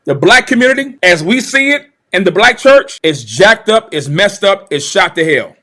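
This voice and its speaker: A man's voice: sits high, lively intonation, normal speed, sharp tone. A man hosting a livestream, delivering heated, confrontational commentary in a preachy way and repeating phrases for emphasis. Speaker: channel host, commentator.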